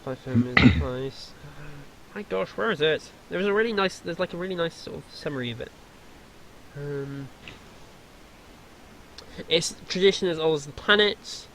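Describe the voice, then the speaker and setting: A man's voice: fairly high pitch, animated, moderate pace, long pauses, a crowd in the background. A man running a tabletop role-playing game, explaining lore in a rambling way with lots of fillers. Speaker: game master.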